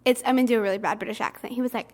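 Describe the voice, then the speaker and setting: A teenage girl on a youth radio team telling a story in an animated way, full of "like". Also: on the high side, rapid-fire. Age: teens. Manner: animated, lots of "like". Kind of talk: casual storytelling.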